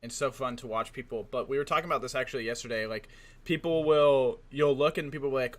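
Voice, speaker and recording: A man's voice: mid-range voice, fast talker. A man hosting a casual chat. He rambles, swears and laughs often. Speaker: podcast host.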